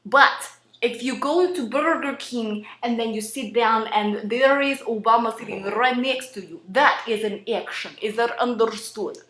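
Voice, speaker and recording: A woman's voice: a little high, a little slow, fairly bright tone. A woman voicing a stern Russian acting teacher in a put-on Russian accent, lecturing students. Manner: lecturing, commanding. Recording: roomy echo.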